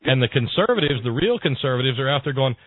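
Talk radio host, man, mid-pitched, meandering, lots of uhs, dry and tinny sound. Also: lively intonation, quick pace, dry recording. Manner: rambling, full of hesitations and repeated words. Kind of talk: political talk radio chat. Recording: dry, tinny phone-like broadcast audio.

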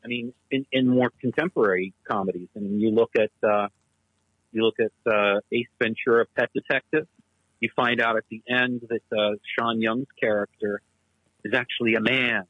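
A man's voice: medium pitch, fairly even intonation, normal speed, slightly rough, dry recording, lo-fi sound. A man co-hosting a casual talk show, speaking in an analytical, discursive way. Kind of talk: casual chat.

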